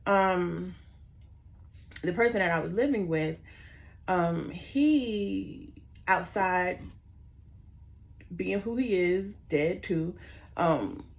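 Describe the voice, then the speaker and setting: A woman in her forties tells her own story straight to the camera in a rambling, sassy way. Her voice sits a little low and carries a gravelly fry. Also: very slow, long pauses. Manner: rambling, sassy, easily sidetracked. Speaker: vlogger.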